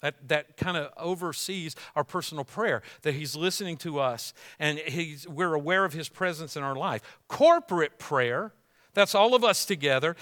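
A man's voice: fairly high pitch, a bit bright. A man preaching a sermon, talking it through in a conversational way and building up to emphatic exhortation. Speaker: pastor.

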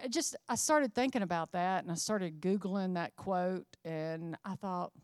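Slow earnest woman preaching. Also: lowish voice, smooth, dry recording, studio quality. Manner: earnest, emphatic, building to rises. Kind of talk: sermon.

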